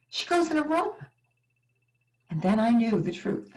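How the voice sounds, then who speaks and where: An older woman giving a motivational keynote, telling personal stories with dramatic pauses. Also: a little high, rough recording. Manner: animated, dramatic storytelling with pauses.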